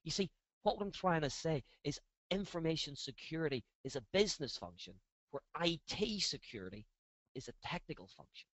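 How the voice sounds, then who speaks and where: A man's voice: a little high, animated, moderate pace, a bit bright, no room sound, rough recording. A man giving a webinar lecture as a training instructor, stressing key words and asking rhetorical questions.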